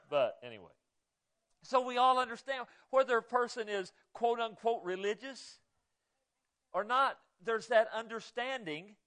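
Middle-aged guy preaching, slightly high voice, chatty, keeps asking the congregation stuff, gets loud then quiet. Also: animated, normal speed. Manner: conversational, asks the congregation questions; dynamic, swings between loud emphasis and quiet asides. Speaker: pastor. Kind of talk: sermon.

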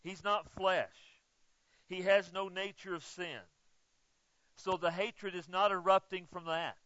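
A male pastor preaching a sermon, swinging between loud emphatic exclamations and hushed asides, and joking with the congregation. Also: high-pitched, steady tone, takes it slowly, no room sound, muffled recording. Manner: jokes with the congregation.

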